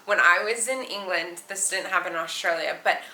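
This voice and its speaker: Bright valley-girl woman in echoey room. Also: on the low side. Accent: Southern California valley girl. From California, USA. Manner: chatty, fast-flowing, many likes and oh my goshes. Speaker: flight attendant vlogger. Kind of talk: casual chat to camera. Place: small hotel quarantine room.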